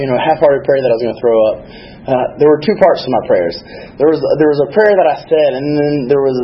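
Fast-talking man with a lilt. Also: medium pitch, highs cut off, a little hiss or hum. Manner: candid, rambling, self-deprecating. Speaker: speaker sharing recovery story at a meeting. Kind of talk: personal recovery testimony.

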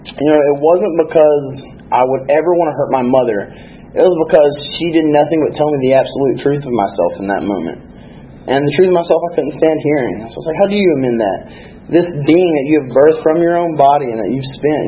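Fast-talking man with a lilt. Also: medium pitch, muffled recording, a little hiss or hum. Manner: candid, rambling, self-deprecating. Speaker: speaker sharing recovery story at a meeting. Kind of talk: personal recovery testimony.

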